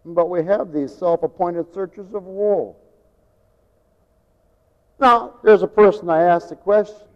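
An older man preaching a sermon as pastor, telling folksy stories, acting out voices and rising to shouts. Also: high-pitched, measured pace, long pauses. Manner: folksy storytelling, acts out voices, rises to shouting. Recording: dull lo-fi sound with long hall reverb.

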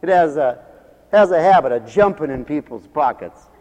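Older preacher, high lively folksy voice. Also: male voice, moderate pace, in a large hall, highs cut off. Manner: folksy, humorous storytelling with acted quotes. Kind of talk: sermon.

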